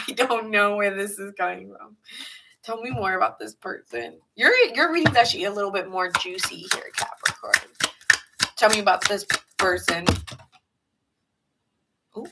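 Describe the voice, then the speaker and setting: A woman's voice: medium pitch, gravelly, bright, forceful tone, slight background noise, rough recording. A woman from New York with a New York accent, giving a chatty, rambling live tarot reading and greeting viewers in the chat. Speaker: tarot reader.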